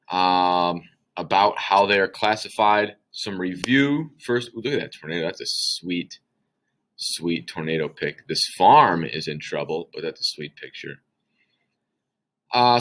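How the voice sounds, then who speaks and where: A man's voice: low-pitched, a bit bright. A male science teacher talking students through an online class assignment in a casual, upbeat, chatty way, with filler words. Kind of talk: recorded class walkthrough.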